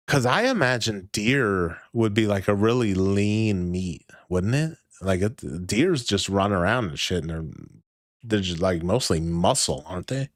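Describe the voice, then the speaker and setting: A man's voice: fairly low pitch, animated, a little slow, no echo. Profane, rambling male streamer, dry sound. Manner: profane, rambling, swears often and laughs. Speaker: livestream host. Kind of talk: casual livestream chat.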